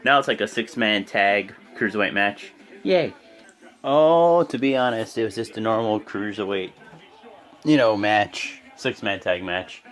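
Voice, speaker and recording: A man giving a casual, rambling recap of a wrestling show, excitable and swearing freely. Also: on the low side, a little slow.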